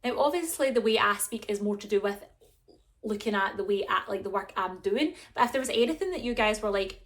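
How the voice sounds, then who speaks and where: A woman's voice: medium pitch, fairly quick. A young woman, chatting to camera in a rambling, self-mocking way as a vlogger. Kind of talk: casual chat to camera.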